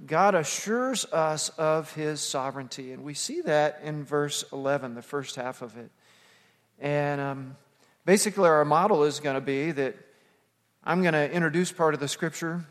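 A man preaching as a pastor, emphatic and slowing down to stress key words. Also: fairly high pitch. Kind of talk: sermon. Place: church sanctuary. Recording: long hall reverb.

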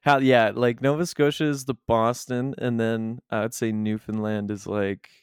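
A young man chatting casually as podcast co-host, animated and rambling, laughing often. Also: medium pitch, normal speed, clean tone, dry recording, studio quality. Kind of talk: casual chat.

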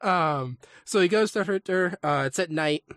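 A man's voice: high voice, moderate pace, a bit bright, no echo, clean studio sound. Chatty man rambling with lots of ums. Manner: rambling, hesitant, full of ums. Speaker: podcast co-host. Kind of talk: casual chat retelling a saga.

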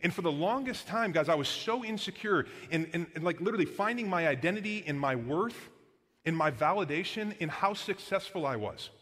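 A man's voice: sits high, animated, a little fast, a bit bright, long reverb tail. A man preaching as pastor, casual and earnest, with frequent "like" and "guys" between points. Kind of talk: sermon. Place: church sanctuary.

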